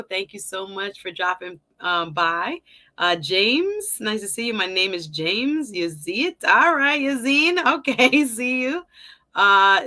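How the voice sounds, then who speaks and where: Bright, chatty woman hosting a livestream. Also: mid-range voice. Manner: chatty, laughs often, greets viewers by name. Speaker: livestream host. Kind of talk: casual livestream chat.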